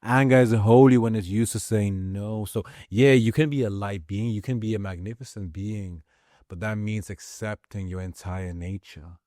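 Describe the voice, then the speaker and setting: A man's voice: on the low side, fairly even intonation, normal speed, warm tone, dry recording, clean studio sound. A man giving an impassioned spiritual pep talk, repeating his lines and swearing freely for emphasis. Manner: profane, repetitive, emphatic. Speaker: motivational speaker.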